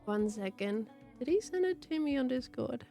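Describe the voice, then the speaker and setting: A woman's voice: sits high, lively intonation, normal speed, dark tone, faint music behind. A young woman chatting casually on a livestream, her voice strained and a bit congested, coughing now and then as she rambles and thanks viewers. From Australia. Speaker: streamer.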